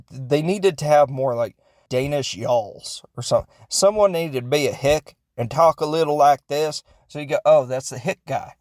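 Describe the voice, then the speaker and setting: A man's voice: medium pitch, darkish tone, no echo, studio quality. A man hosting a podcast, recapping a film in a casual, rambling way, often unsure and correcting himself, with joking asides. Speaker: podcast host reviewing films.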